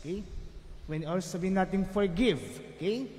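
A man's voice: high-pitched, a little fast, a little mellow. A Filipino priest reading the Gospel and preaching a homily, moving between English and Tagalog and often checking in with his listeners by asking "okay?". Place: large church. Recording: echoey church with long reverb.

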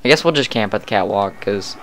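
A man casually commentating a co-op zombie game, chatty and excitable, quick to laugh. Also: lowish voice, a little hiss or hum. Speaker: gamer narrating a co-op zombie match.

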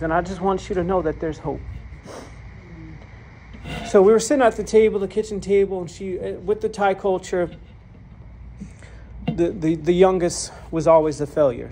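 A man preaching his own testimony, earnest and candid, his voice a little raised in pitch and rough with fry. He keeps restarting phrases and laughs at himself. There is a faint hum of room ambience behind him. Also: steady tone, moderate pace, darkish tone. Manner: self-deprecating, laughs at his own story. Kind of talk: personal testimony sermon.

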